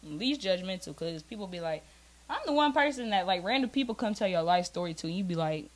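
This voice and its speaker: A woman's voice: lowish voice, expressive, quick pace. A young woman in her twenties with a Southern US accent, a guest in casual chat, candid and laughing often.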